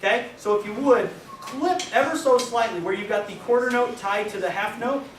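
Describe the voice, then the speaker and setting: A man directing a high school band rehearsal, scatting rhythms on nonsense syllables and counting the players in. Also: fairly quick, distant mic, slight background noise. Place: large band rehearsal room. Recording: echoey rehearsal room from afar with band music. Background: band playing.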